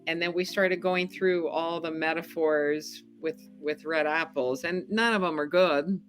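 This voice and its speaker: A middle-aged woman speaks in a lower register, a guest recounting events in relaxed, animated conversation. She laughs easily as she goes. Faint music sits under her voice. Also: a little slow. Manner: chatty, animated, laughs often. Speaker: podcast guest, former game show contestant. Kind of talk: casual storytelling interview.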